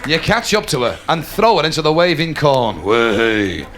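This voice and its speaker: A man doing a live stand-up comedy routine, telling stories animatedly and dropping into quick put-on voices. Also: fairly high pitch, sing-song, crowd noise, background noise. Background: audience laughter.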